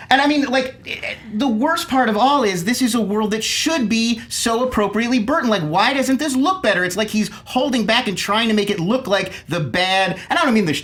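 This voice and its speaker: Man ranting fast in a debate. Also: high voice, a bit bright. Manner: fast, emphatic ranting with laughs. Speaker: panelist. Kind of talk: heated comedic debate.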